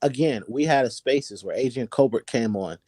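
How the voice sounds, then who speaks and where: A man's voice: mid-range voice, moderate pace, warm tone, dry recording, clean studio sound. A man calling in to a sports talk show, giving emphatic opinions and often repeating words as he builds a point. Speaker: call-in guest on a sports podcast.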